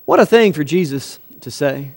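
A man's voice: on the high side, animated, normal speed, vocal fry. A man preaching a sermon to his church, conversational and asking the congregation rhetorical questions. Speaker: pastor. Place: church sanctuary. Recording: long hall reverb.

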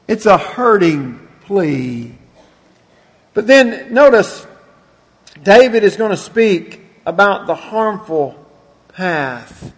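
A man preaching a sermon as a pastor, earnest, slowing down to stress key words. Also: high-pitched, big pitch swings. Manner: earnest preaching, slows for emphasis. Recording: long hall reverb.

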